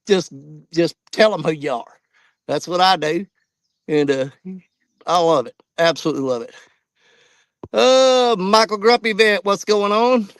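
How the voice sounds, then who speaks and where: A man's voice: high-pitched, animated, measured pace, long pauses, fairly bright tone, no echo. A man hosting a live fishing stream outdoors, out of breath and chatting to viewers by name. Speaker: fishing channel host. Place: outdoors at a riverbank.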